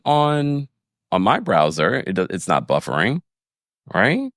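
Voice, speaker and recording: A man's voice: low-pitched, normal speed, no echo, clean studio sound. A man in casual livestream chat, recapping a reality show and reading viewer comments aloud with laughs. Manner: animated, laughing, talks straight to viewers.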